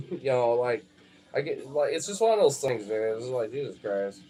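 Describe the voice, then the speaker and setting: A man's voice: medium pitch, big pitch swings, normal speed, dark tone, faint music behind. A young man chatting casually on a live stream, rambling with lots of fillers, frequent swearing and laughter.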